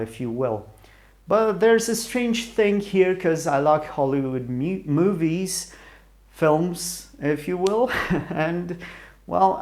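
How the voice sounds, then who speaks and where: Hesitant Romanian-accented man, slow and halting. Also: on the high side, darkish tone. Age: middle-aged. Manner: hesitant, searching for words, many restarts. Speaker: YouTuber. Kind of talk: rambling solo talk to camera.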